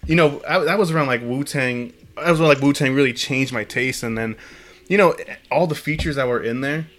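A man's voice: mid-range voice, fairly quick, fairly bright tone. Chatty man telling stories loosely. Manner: rambling storytelling, frequent swearing. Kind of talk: casual chat.

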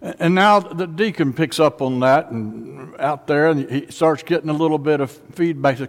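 A man's voice: a little high, animated, brisk. A man preaching a sermon, building up to rising, repeated call-and-response lines in a nearly empty sanctuary. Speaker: pastor. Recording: long hall reverb.

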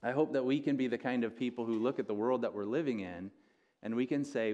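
A man's voice: mid-range voice, fast, warm tone, highs cut off. A man, a pastor, preaching an earnest, conversational sermon and often restarting his phrases.

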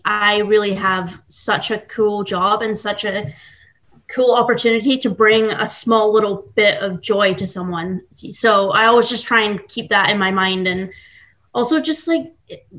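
A young woman with a Scottish accent chats as a podcast guest. She talks about her baking work in an upbeat, easygoing way and pads her sentences with "um" and "like." Her pitch sits in a middling range for a woman. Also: fairly bright tone. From Scotland and Texas. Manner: chatty and upbeat, many fillers. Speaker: guest, baker. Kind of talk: casual podcast interview.

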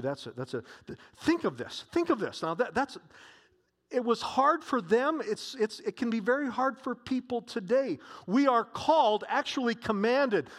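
A man's voice: very high voice, sing-song, normal speed. A man preaching a sermon to a congregation in a church, emphatic and repeating his key phrases.

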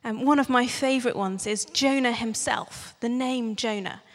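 A woman's voice: fairly high pitch, moderate pace. A young woman preaching a sermon in a church, chatty and playful, asking the congregation questions. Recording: long church reverb.

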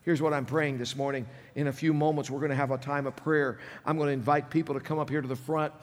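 A man preaching a sermon as pastor, animated, swinging between loud, emphatic lines and hushed ones. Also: on the high side, fast talker. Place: church sanctuary. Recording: long reverb of a large hall.

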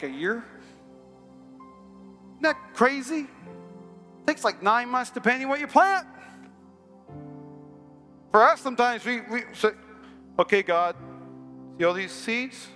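A man's voice: high voice, sharp tone. A male pastor preaching a sermon in a church, building to impassioned, repetitive refrains. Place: church sanctuary.

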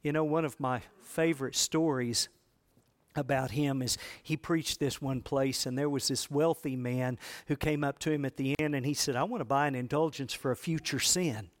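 A man preaching a history sermon, telling stories with swings between loud drama and low emphasis and asking the congregation questions. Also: moderate pace. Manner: asks the congregation rhetorical questions. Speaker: preacher teaching church history.

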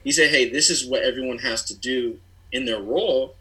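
Earnest man with a bright voice. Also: medium pitch, a little fast, poor audio. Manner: earnest, reflective. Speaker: former player, guest. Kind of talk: casual interview.

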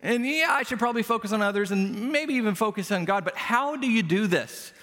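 A man's voice: high voice, expressive, fairly quick, fairly bright tone. A man preaching a sermon as pastor, conversational and self-deprecating, telling everyday stories to make his points. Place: church sanctuary. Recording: long church hall reverb.

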